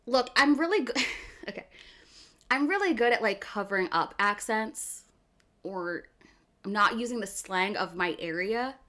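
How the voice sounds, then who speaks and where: A woman streamer from outside Philadelphia with a Philly accent, chatting casually with her viewers. She is animated and chatty, laughs often and keeps saying "okay.". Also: mid-range voice, measured pace, long pauses. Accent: Philadelphia area. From US East Coast, outside Philadelphia.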